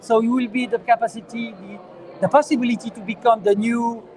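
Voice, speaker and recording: A man with a French accent answering interview questions as a founder, earnest and halting with fillers. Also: extremely high pitch, fairly even intonation, a little mellow, poor audio. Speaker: startup founder, guest. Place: conference venue.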